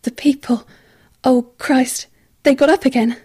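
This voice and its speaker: A woman's voice: sits high, steady tone, measured pace, warm tone, husky, voice pushed up. A woman voicing a frantic, breathless young male crew trainee who stammers in shock. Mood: panicked.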